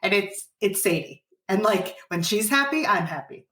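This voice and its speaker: A woman's voice: medium pitch, expressive, moderate pace, pushed and bright. A woman coaching parents in a podcast conversation, explaining earnestly and acting out what a parent and child might say. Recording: roomy and distant from the mic.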